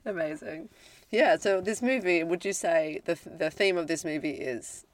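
Podcast co-host, mid pitch, meandering and affectionate delivery, dry close recording. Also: no echo. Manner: rambling, halting restarts, fond and playful. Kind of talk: casual chat about films.

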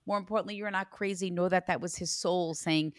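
A woman's voice: lowish voice, fairly quick, no echo, clean studio sound. Earnest, reassuring woman medium. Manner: earnest, reassuring, animated when retelling. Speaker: psychic medium. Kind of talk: reading for a client.

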